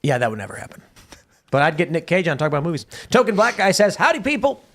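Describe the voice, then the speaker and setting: A man with a somewhat high voice hosts a talk show. He reads viewer messages aloud and wanders off into long, rambling stories. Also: very animated, very fast, fairly bright tone. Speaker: podcast host. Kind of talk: casual talk-show banter.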